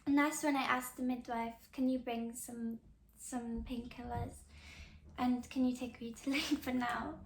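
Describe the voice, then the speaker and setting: A woman's voice: fairly high pitch, fairly even intonation, unhurried, vocal fry, roomy sound, a little hiss or hum. A young woman hosting a podcast, chatting casually and rambling with lots of filler words and restarts. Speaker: podcast host. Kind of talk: casual chat.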